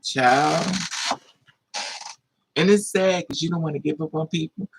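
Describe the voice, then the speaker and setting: A man telling a story in a casual monologue, animated and acting out voices with high-pitched squeals. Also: a little slow, noisy background. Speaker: live streamer.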